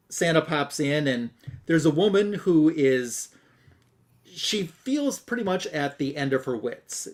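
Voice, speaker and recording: A man with a slightly raised pitch walks through a vintage comic plot as the host of a casual chat show. He talks in an amused, relaxed way and drops quick quoted lines from the characters into his recap. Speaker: podcast host. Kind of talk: casual retelling of a comic story.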